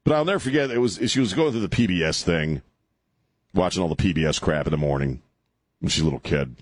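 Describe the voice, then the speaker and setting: A middle-aged man hosts a talk radio show, ranting with sarcasm and dropping into mocking high-pitched voices. He's expressive and fast-talking, with no echo on the recording.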